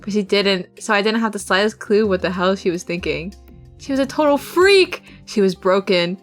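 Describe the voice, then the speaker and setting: Speaking at normal speed in an expressive mid-range voice, a young woman streamer reads a visual novel aloud with dramatic delivery. She swears, laughs at the script and acts out its tense passages, with faint game music behind her.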